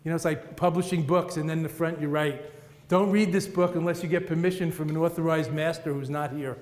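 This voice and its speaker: Male Buddhist teacher, middle-aged, playful and rhythmic, slightly high voice, hall reverb. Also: steady tone, a little fast, darkish tone, a little hiss or hum. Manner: playful, rhythmic, laughs at his own jokes. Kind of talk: dharma talk to an audience. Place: large meeting room with audience. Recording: echoey hall, roomy reverb.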